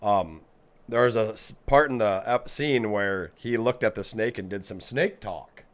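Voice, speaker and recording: A man co-hosting a podcast, talking in a halting casual way with many fillers. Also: lowish voice. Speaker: podcast co-host. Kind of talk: casual reaction chat.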